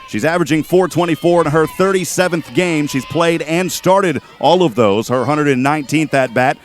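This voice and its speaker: A man calling a college softball game play by play, chatty and quick with statistics, joking with his co-host. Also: fairly high pitch, soft background music. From Texas. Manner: chatty, rattles off stats, jokes with co-host. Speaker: play-by-play announcer. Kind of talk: sports play-by-play commentary. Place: outdoor softball field.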